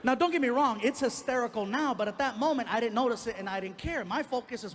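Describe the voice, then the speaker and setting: A male stand-up comedian telling a personal story on stage, animated and acting out each person in it. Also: very high-pitched, quick pace. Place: comedy stage in a large venue. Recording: live hall with faint noise.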